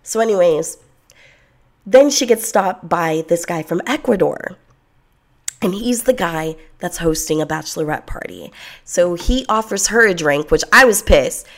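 A young woman from Los Angeles telling a candid personal story in a blunt, chatty, profane way. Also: fairly low pitch.

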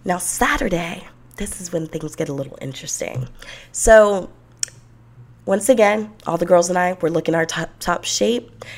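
A young woman telling a personal story in a blunt, profane, sarcastic and animated way. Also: on the low side, normal speed. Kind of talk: casual storytelling.

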